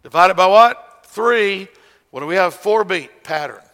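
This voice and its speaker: Slow-talking man teaching song leading. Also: high-pitched, animated, bright, forceful tone. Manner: explains conducting, breaks into hymn singing. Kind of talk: music lesson with singing. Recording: long hall reverb.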